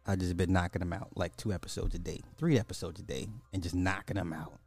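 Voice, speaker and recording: A man chats loosely on his livestream podcast and shouts out viewers by name. His voice sits low and mellow. The mic is close and dry, with faint music underneath. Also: fast, no echo. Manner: loose, animated, greets chat viewers by name. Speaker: podcast host. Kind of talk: casual livestream chat.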